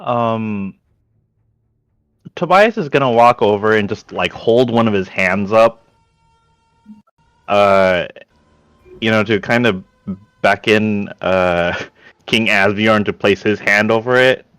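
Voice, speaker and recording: A man's voice: lowish voice, takes it slowly, long pauses, a bit bright, smooth, dry recording. A man playing a tabletop game, hesitant and thoughtful with lots of fillers. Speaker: player.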